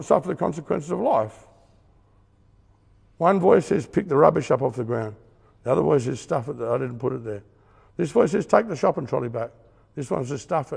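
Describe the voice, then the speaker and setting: Gravelly Australian man preaching a testimony. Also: sits high, big-room sound. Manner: earnest, emphatic, conversational, with acted-out asides. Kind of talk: testimony sermon.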